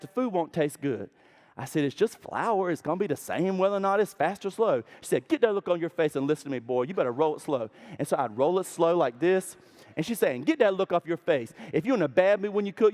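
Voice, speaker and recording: Male keynote teacher, high voice, lively storyteller who acts out every quote. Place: conference stage.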